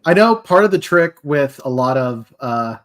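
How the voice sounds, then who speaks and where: A man's voice: mid-range voice, lively intonation, moderate pace, a bit bright. Chatty, enthusiastic man hosting a stream. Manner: chatty, enthusiastic, nerdy asides. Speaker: stream host. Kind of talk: casual livestream chat.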